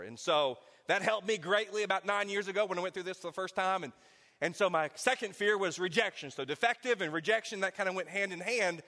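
A man preaching a sermon as pastor, telling a personal story and dropping to a quiet hush to drive points home. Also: sits high, big-room sound. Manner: storytelling, drops to a quiet intimate hush for emphasis.

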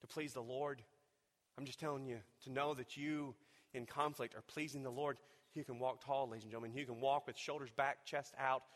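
A man preaching a sermon as pastor, dropping to hushed low talk and rising to loud, fervent peaks, often repeating words as he builds. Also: steady tone, brisk. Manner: repeats and restarts words when fired up. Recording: long reverb of a large hall.

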